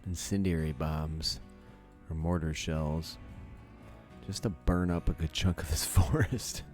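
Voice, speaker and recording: A man's voice: extremely low pitch, fairly even intonation, a little slow, a little mellow, soft background music. A man from Wisconsin giving casual gameplay commentary, thinking aloud and chuckling often. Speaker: let's play gamer.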